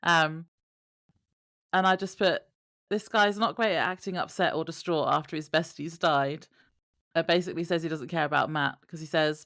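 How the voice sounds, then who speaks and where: A woman's voice: sits low, steady tone, normal speed, a bit bright, no room sound, studio quality. A woman co-hosting a podcast, chatting casually and reading out her notes, laughing along. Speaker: podcast co-host. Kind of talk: casual chat.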